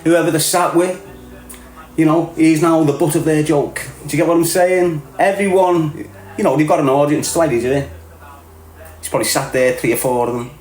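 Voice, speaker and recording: Fairly high-pitched but darkish, his tone steady and his speed normal, a middle-aged Liverpool man rants casually on his livestream. He mocks in streetwise banter, laughs a lot and addresses everyone as "lad", all in a roomy echo with faint music.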